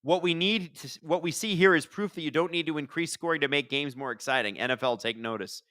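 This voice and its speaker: A man's voice: a little high, fairly quick, dry recording, clean studio sound. A man casually hosting a live hockey watchalong, chatting with viewers and telling rambling stories between plays. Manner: rambling, chatty, jumps from storytelling to excited play calls. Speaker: livestream watchalong host.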